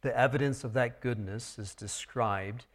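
A man preaching a sermon, walking his listeners through a text verse by verse and swinging between quiet, earnest stretches and loud, emphatic ones. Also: medium pitch, moderate pace. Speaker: pastor.

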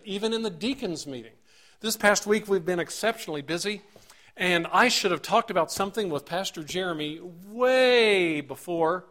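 A man's voice: high voice, a bit bright. Earnest man preaching with rising emphasis. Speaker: pastor. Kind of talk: sermon.

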